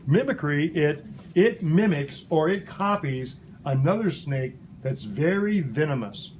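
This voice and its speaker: Male science teacher, a bit high-pitched, playful and animated with kids, faint classroom hum. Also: unhurried. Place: elementary school classroom.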